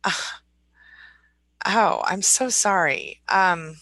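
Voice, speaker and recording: A woman's voice: mid-range voice, lively intonation, extremely slow, sharp tone, no room sound. A woman hosting a live support stream, reading viewer comments aloud and answering them in a chatty, friendly way. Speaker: live support coach and host.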